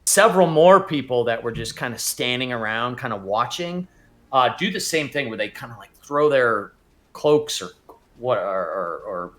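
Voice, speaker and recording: A man's voice: medium pitch, lively intonation, moderate pace, a bit bright. A man narrating as game master of a tabletop game, describing scenes in a casual way with fillers.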